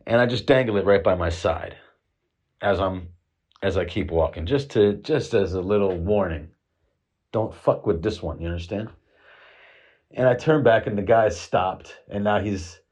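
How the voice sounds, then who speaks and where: A man's voice: sits low, normal speed, a little mellow. A middle-aged man from the United States telling a rambling, casual story full of fillers and swearing. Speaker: vlogger.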